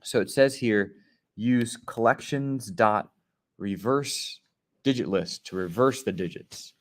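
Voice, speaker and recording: A man's voice: on the low side, slow pace. A man teaching a coding lesson, explaining step by step and checking in with his students as he goes. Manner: step-by-step explaining, often checking in with "right?" and "okay?". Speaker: programming teacher. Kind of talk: screen-share coding lesson.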